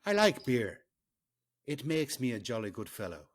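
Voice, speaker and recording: A man's voice: medium pitch, sing-song, normal speed. A man putting on an Irish accent to recite a jolly beer song in a lilting, sing-song way. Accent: put-on Irish.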